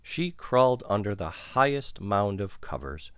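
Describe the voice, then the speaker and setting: Male storybook reader, deep, crisp and bright in a dry close recording. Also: no room sound. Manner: unhurried, expressive. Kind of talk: children's picture-book read-aloud.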